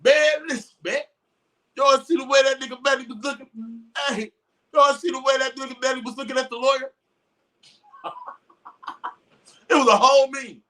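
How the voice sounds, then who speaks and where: A man rants in a loud, mocking way, swearing freely and shouting at times. His voice sits high and sounds bright and sharp. He is some way back from the mic. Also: fairly even intonation, moderate pace, pauses often, distant mic. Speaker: commentary streamer. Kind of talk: casual trial commentary rant.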